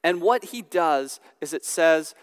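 A man's voice: on the high side, lively intonation, takes it slowly. A male pastor preaching a sermon, explaining a passage with casual asides and occasional fillers. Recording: long hall reverb.

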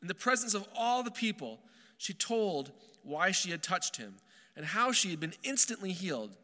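A male pastor preaches in a high, very bright voice that rings through a reverberant hall. He is earnest and emphatic, slowing on key phrases and restarting words as he goes. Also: very animated. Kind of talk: sermon.

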